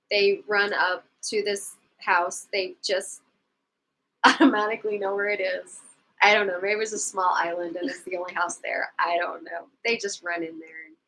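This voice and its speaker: A woman's voice: mid-range voice, sharp tone, rough recording. A woman co-hosting a casual book club livestream, rambling through a plot recap with asides and chuckles, sometimes acting out the characters' lines.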